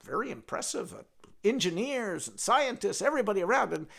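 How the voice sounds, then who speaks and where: An older man spins a village folktale. His voice is high and gravelly, and his pitch leaps all over. He is playful and animated, as if he is sharing the tale with a friend. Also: brisk. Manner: animated, playful, talks to his donkey puppet. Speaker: storyteller. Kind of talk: oral folktale telling.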